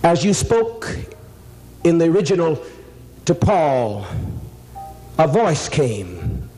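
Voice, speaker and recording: A man leading a seance speaks slowly and solemnly, his voice fairly high yet mellow and dark. He commands and pleads in turn, with faint music underneath. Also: sing-song, slightly rough, rough recording. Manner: slow, solemn and commanding, with sudden higher pleas. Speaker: spirit medium leading a seance. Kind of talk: dramatic seance invocation.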